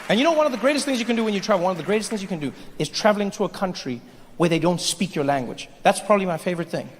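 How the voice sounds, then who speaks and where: A man performing a stand-up comedy set at a large live venue, playful and animated. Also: high voice, a little hiss or hum. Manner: animated, playful, slips into voices. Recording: echoey hall, crowd laughter.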